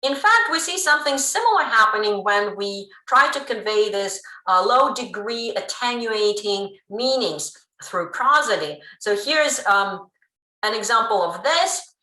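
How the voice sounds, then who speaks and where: A woman giving a pre-recorded linguistics lecture, explaining in a lively way with frequent ums. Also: medium pitch, unhurried. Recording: roomy room sound.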